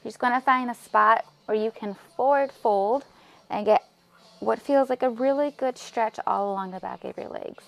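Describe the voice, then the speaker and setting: A woman leading a yoga class, giving calm, encouraging cues with soft breathy asides. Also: fairly high pitch, normal speed. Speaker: yoga instructor. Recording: music playing faintly behind.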